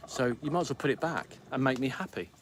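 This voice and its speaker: A middle-aged man hosting a live stream from home, grumbling and pleading with theatrical exasperation. He rattles along at an auctioneer's clip in a mid-pitched voice. There is a faint hiss of background noise. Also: animated. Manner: grumpy, theatrical, pleading with viewers; rapid-fire like an auctioneer. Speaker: podcast host on live stream. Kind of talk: casual live-stream chat.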